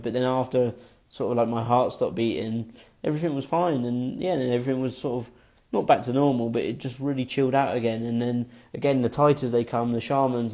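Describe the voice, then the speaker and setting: A man's voice: medium pitch, mellow. A young man casually telling a personal story to the camera, rambling with lots of fillers and swearing. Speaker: vlogger.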